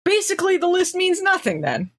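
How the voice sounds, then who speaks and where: A woman with a very high voice and huge swings in pitch talks briskly, with a slight hiss or hum behind her. She's a podcast host recapping a TV episode in casual, sarcastic chat, laughing often and acting out quotes.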